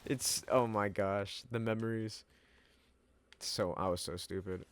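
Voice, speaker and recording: A young man telling a story in a loose, rambling way, peppered with slang, curses and bursts of laughter. His voice sits a little low for a man. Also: steady tone, measured pace, clear, resonant tone. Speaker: vlogger. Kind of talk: casual storytelling to camera.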